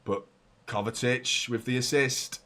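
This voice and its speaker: A young man hosting a live football watchalong from home, chatty and excitable, moving between loud cheers and quiet muttering. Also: mid-range voice, measured pace. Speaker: football fan channel host. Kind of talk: live match watchalong commentary. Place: home room with door open and a fan.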